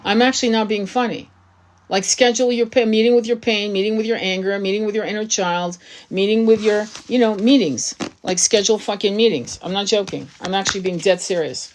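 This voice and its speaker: A woman's voice: mid-range voice, a little fast, slight background noise. A woman giving a tarot reading, talking straight to the viewer in a blunt, casual way and swearing freely. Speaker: tarot reader.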